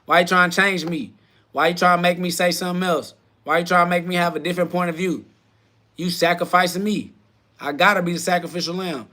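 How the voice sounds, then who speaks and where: A man's voice: steady tone, a little fast, sharp tone. A man hosting a live self-talk podcast, preaching in short repeated slogans and firing back at quoted critics in crude slang. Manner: voice cracks up into high shrieks when heated. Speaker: podcast host.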